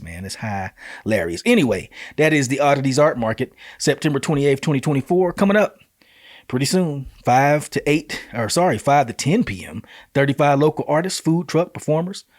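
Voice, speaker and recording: A man's voice: medium pitch, no room sound, clean studio sound. Laid-back man reading out local events. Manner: laid-back, joking asides, reads flyers aloud with slips and corrections. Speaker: host. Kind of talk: casual community-events rundown.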